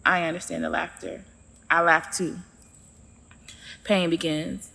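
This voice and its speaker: A woman's voice: lowish voice, flat delivery, unhurried, gravelly, long pauses, bright, forceful tone, in a large hall. Sassy woman narrating a story. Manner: sassy, sarcastic. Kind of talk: first-person storytelling narration.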